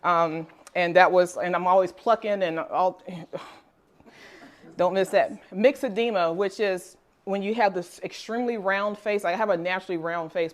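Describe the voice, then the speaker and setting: Earnest middle-aged woman, low-pitched. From Nigerian family background. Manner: earnest and candid, with frequent fillers and light laughs. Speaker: holistic nutritionist and wellness teacher. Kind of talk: personal story told to a class.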